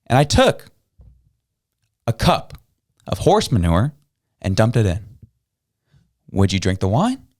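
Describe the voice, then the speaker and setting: A man hosting a political talk show, his voice sitting on the low side. He rants in a heated, emphatic way, hammering his points home. The sound is dry and close, with no room around it. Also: huge pitch swings, slow pace, long pauses, a little mellow, dry recording. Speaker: podcast host.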